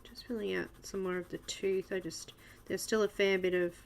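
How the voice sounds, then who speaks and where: Gravelly-voiced Australian woman chatting softly. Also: medium pitch, level tone, normal speed, slight background noise. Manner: soft, chatty, reads comments aloud as she works. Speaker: host of a live coloring stream. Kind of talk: casual live-stream chat while coloring.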